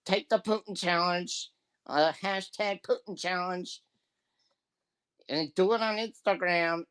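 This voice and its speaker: A man putting on the voice of a brash Southern congresswoman, with a Southern accent, a high pitch and a slight lisp, ranting over the top. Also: slow pace, fairly bright tone, smooth.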